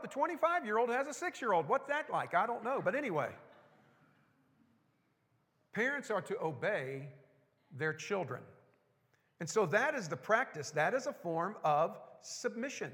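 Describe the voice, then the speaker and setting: A man with a high voice preaches a sermon in a church sanctuary. He is folksy and animated, and he tosses in joking asides. A long reverb trails his words through the hall. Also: normal speed, pauses often. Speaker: pastor.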